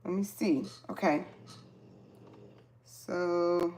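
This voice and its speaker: Slow-talking chatty woman teaching sewing. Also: fairly low pitch. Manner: chatty, talks to viewers as "y'all", excited exclamations. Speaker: sewing tutorial host. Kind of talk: casual live sewing tutorial.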